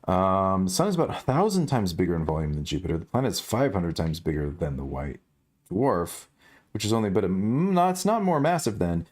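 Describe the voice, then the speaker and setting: A man's voice: low voice, very animated, brisk, a little mellow. A man streaming live, reading news stories aloud and riffing on them in a rambling, jokey, self-correcting way. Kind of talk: casual livestream news commentary.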